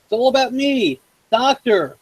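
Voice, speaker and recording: Guy doing a whiny self-centered girl, high and mocking. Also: very animated, measured pace, slightly rough, heavily acted, low-quality recording. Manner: mocking, exaggerated whine. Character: whiny, self-centered young woman, mocked.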